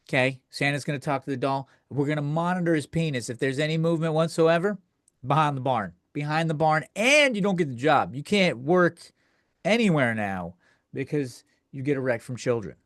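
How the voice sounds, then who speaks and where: A man's voice: a little high, expressive, brisk, a bit bright, no echo. Profane ranting man, dry close mic. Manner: crude, profane, rambling with many restarts. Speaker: podcast host. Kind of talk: comedic rant.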